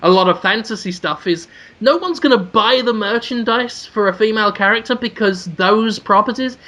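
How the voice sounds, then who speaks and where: A man co-hosting a podcast, talking in an animated, sweary and jokey way. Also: high-pitched, normal speed. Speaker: podcast co-host. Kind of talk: casual chat.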